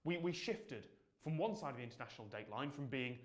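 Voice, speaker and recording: A man's voice: mid-range voice, lively intonation, fairly quick, lightly acted. A man voicing a polite caller who patiently explains things with hesitant "um"s. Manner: mild, matter-of-fact, hesitant "um"s.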